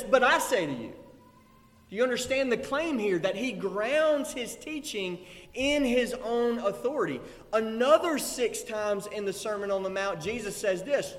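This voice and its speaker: A man preaching a sermon, emphatic, building to loud declarations. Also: high-pitched. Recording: long hall reverb.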